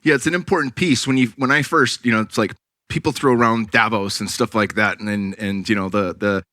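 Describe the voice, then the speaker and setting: Male podcast host, bright forceful voice, very dry close sound, blunt casual talk with swearing. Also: on the low side, fairly quick, dry recording. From California Bay Area, USA. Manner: blunt, swears freely, animated opinions.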